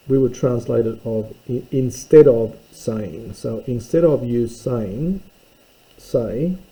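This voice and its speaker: A man teaching a lesson, working slowly through a translation and pausing with fillers as he thinks. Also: medium pitch, vocal fry, warm tone, poor audio. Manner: thoughtful, pauses with fillers while translating. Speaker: Greek teacher.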